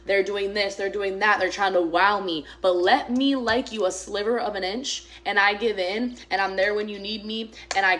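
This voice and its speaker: A woman's voice: mid-range voice, fairly bright tone, slight background noise. A young woman telling a dating story to camera in a blunt, profane, emphatic rant.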